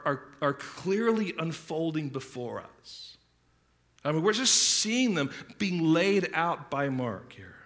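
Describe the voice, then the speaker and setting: Bright-voiced male pastor preaching. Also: on the high side. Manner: earnest expository preaching with repetitions. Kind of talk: sermon.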